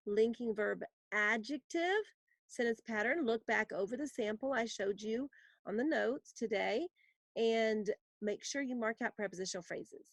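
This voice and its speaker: A woman teaching a recorded grammar lesson, explaining patiently and reading example sentences slowly for students to write down. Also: fairly high pitch, no echo, clean studio sound.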